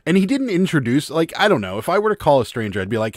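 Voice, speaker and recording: Animated man chatting on a livestream. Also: medium pitch, no echo, clean studio sound. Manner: animated storyteller, quick to laugh. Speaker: livestream co-host. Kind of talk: casual livestream chat.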